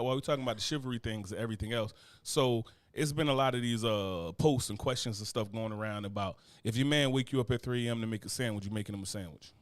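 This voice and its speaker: A man's voice: on the low side, no room sound. A man co-hosting a casual chat show, talking animatedly and profanely, joking and reading comments from the chat aloud. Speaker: podcast co-host.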